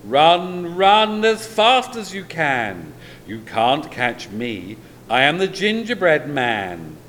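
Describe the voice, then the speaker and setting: A man putting on a boastful little gingerbread man who chants in a raised, sing-song voice with loud, lively bounce. He taunts his chasers as he runs in a storybook tale. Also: a little high, slow pace, long reverb tail, a little hiss or hum, pitched above the performer's own voice, heavily acted. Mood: taunting. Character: cheeky runaway gingerbread man, small, boastful.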